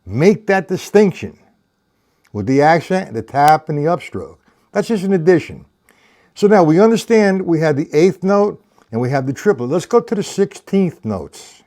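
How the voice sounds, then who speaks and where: A man's voice: fairly high pitch, animated, normal speed, darkish tone. An older man giving a casual, rambling live-streamed drum lesson, counting beats aloud as he explains technique. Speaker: drum teacher.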